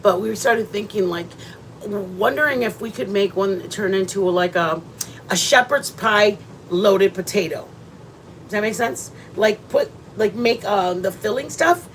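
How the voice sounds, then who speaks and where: A chatty woman hosts a casual cooking livestream and talks straight to her viewers. She rambles loosely from one thought to the next in an ordinary mid-range voice. A faint low rumble runs underneath. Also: a little slow. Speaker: livestream host.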